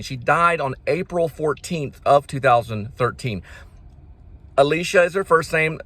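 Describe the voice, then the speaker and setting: A man hosting his own channel, talking casually to the camera in a rambling, repetitive way, restarting sentences and slowly spelling out names. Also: on the high side, fairly bright tone, no room sound. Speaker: independent filmmaker and channel host.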